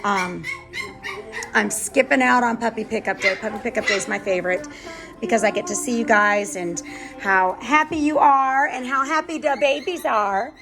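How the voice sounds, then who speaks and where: A woman's voice: high voice, moderate pace, low-quality recording. A woman dog breeder chatting casually on a vlog, rambling with lots of fillers and cooing at her puppies. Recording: music playing behind. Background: background music, puppies.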